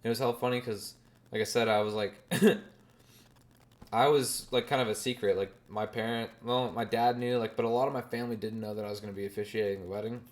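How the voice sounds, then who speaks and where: A man in his twenties, a podcast host telling a story in a casual, animated way, swearing and using slang freely. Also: on the low side, fast.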